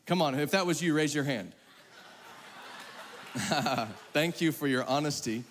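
A man preaching to a congregation in a fairly high voice, chatty and direct with the crowd. He shifts between punchy, loud emphasis and quiet, dropped-down stretches, and his words ring out with a long reverb in a big hall. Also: slow, slight background noise. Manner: conversational, calls on the audience to raise hands; swings between loud emphatic bursts and hushed, low passages. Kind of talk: sermon to a live congregation.

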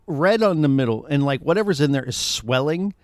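Animated man joking about a movie. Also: a little high, fairly quick, no echo, clean studio sound. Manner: jokey, sarcastic asides. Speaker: podcast co-host. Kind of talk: casual movie review chat.

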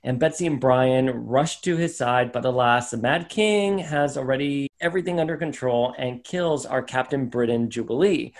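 Speaking at normal speed with few pauses, this mid-range-voiced man co-hosts a podcast. His relaxed comic book recap is animated, with the characters' quotes performed aloud.

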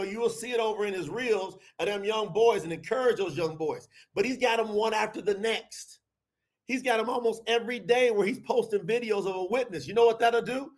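A middle-aged man preaching a scripture talk on a livestream, his voice sitting high for a man. He preaches with fervor and bursts into shouts at the peaks. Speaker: podcast host and preacher.

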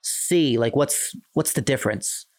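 A man's voice: mid-range voice, a little slow, vocal fry. A man hosting a podcast, asking a guest questions in a hesitant, stumbling way full of fillers. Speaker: podcast host. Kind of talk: casual interview chat.

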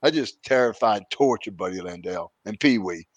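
A man hosting a podcast, telling road stories in a relaxed, casual way and livening up when he quotes friends. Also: lowish voice, moderate pace, no echo, lo-fi sound. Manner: laid-back, animated when quoting others. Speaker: podcast host, retired wrestler. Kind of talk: casual storytelling.

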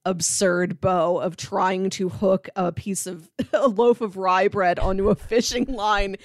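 A woman's voice: medium pitch, fairly even intonation, slow pace, no room sound. Chatty woman podcast co-host, dry sound. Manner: chatty, analytical, laughs often. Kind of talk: casual chat.

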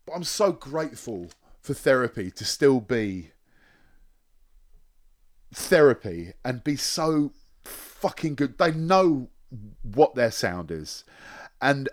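A man's voice: medium pitch, sing-song, slow pace. A man guests on a podcast in casual chat. He rambles, restarts his sentences and swears freely.

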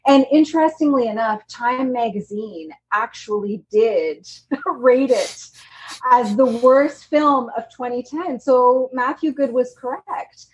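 A woman's voice: sits high, slow pace, low-quality recording. A woman co-hosting a casual podcast, talking emphatically and laughing often. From Canada. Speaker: podcast co-host. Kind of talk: casual chat.

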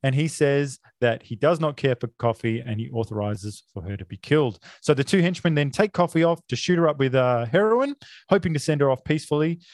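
A man's voice: mid-range voice, animated, a little fast, darkish tone, no room sound, clean studio sound. A man, a podcast co-host, casually recapping a film plot, full of filler uhs and offhand swearing.

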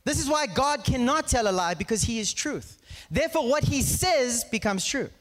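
A man's voice: very high-pitched, moderate pace, in a large hall. A man preaching a conversational sermon full of anecdotes, often checking in with his audience. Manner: animated, constantly checks in with the audience.

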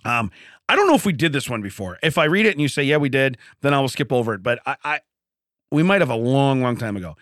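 Male radio co-host, lively pitch, dry close mic, chatty and laughing. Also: fast, no echo. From Illinois. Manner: laughs often, animated storytelling. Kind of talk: casual banter.

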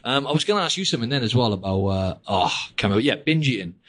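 Fast-talking chatty male podcast host. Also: medium pitch, lively intonation, a bit bright. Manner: chatty, rambling, drops "mate" and "like" constantly. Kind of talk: casual podcast chat.

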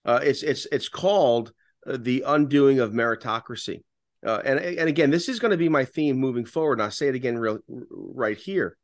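Male talk host, fervent, repeats himself mid-sentence, average pitch, dry close sound. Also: animated, fairly quick, dry recording. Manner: repetitive restarts, impassioned. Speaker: radio talk show host. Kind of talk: podcast political talk.

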